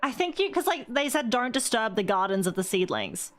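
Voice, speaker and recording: Lively high-voiced woman streamer. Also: fairly quick. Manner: excitable, thinking aloud. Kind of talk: live game stream commentary.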